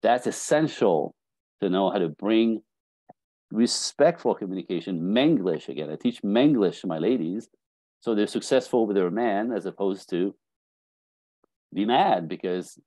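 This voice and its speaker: Low mellow-voiced man telling stories. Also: measured pace, no room sound. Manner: animated storytelling, acting out dialogue. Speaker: dating coach guest. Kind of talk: casual podcast conversation.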